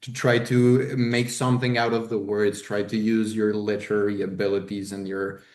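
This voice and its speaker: A man's voice: lowish voice, little pitch movement, moderate pace, a little mellow. A man co-hosting a podcast, thinking aloud in a casual debate, restarting often and arguing firmly. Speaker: podcast co-host. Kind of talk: casual discussion.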